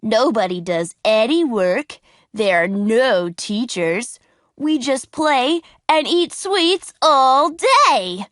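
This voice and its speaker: A woman's voice: fairly high pitch, animated, slow pace, fairly bright tone, no room sound, clean studio sound. Woman doing Candlewick, a coaxing lazy schoolboy. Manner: coaxing and persuasive. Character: playful, lazy schoolboy troublemaker.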